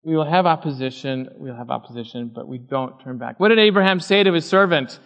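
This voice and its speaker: Storytelling pastor in a reverberant hall. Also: male voice, on the high side, moderate pace, fairly bright tone. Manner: storytelling, acting out quoted voices. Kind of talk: sermon with personal story.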